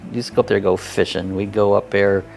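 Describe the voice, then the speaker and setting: A man's voice: on the low side, little pitch movement, fast, gravelly, darkish tone, slight background noise. A man in his sixties rambling folksy and self-deprecating, hosting a casual live chat while reading out viewer comments.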